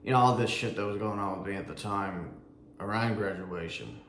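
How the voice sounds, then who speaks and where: A man's voice: lowish voice, a little fast, fairly bright tone, slight background noise. A man who served in the Army, casually telling a personal story in a rambling way, with lots of fillers, restarts and some swearing. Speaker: Army veteran vlogger. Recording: echoey room with faint ambience.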